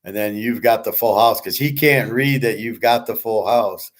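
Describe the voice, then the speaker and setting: A man's voice: lowish voice, normal speed. A middle-aged man hosting a show, talking bluntly and with swagger, swearing freely and answering viewers in a casual monologue. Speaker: show host.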